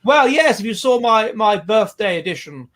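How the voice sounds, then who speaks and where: A man in his forties hosts a livestream in casual chat, wandering off into long digressions as he reads out viewer comments. His voice sits high for a man, and he talks in a loose, chatty way. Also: big pitch swings, moderate pace, a bit bright. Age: 40s. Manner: rambling and digressive. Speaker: livestream host.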